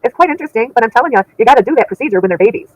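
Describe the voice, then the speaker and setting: A woman's voice: fairly high pitch, lively intonation, very fast, muffled recording. A middle-aged woman hosting a casual livestream, chatting with viewers in an indignant, laughing way. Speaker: channel host reading chat.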